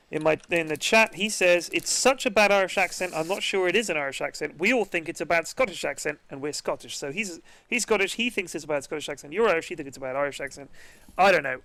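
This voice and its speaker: A man with a notably high speaking voice casts a video game match in a loose, chatty way. He jokes around and swears freely, as if among friends. The sound is dry and close, with no room around it. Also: gravelly, bright, forceful tone, dry recording. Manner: chatty, profane and joking. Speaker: esports caster. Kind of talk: casual game commentary.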